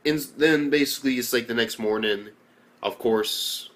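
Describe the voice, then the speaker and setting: A man's voice: mid-range voice, moderate pace. A young man casually reviewing an anime episode, rambling loosely with lots of fillers and swearing.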